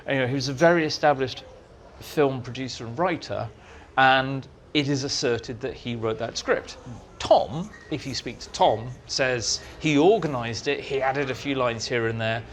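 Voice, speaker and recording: A man, a writer being interviewed at a fan society, telling lively anecdotes and mimicking people in squeaky voices. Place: room at a fan society meeting.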